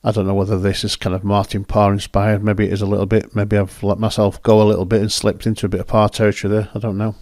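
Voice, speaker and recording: A man's voice: on the low side, level tone, fast talker, few pauses, a little mellow, no echo, studio quality. A man hosting, chatting casually and rambling as he talks through his photos. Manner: rambling, self-correcting, chatty. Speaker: photographer and host. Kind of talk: casual commentary over photos.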